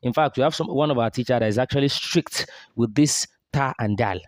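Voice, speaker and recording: A man's voice: medium pitch, dry recording. Man teaching recitation, dry sound. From Nigeria. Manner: slow drawn-out model syllables, repeated drills. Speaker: tajweed teacher. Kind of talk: recitation lesson.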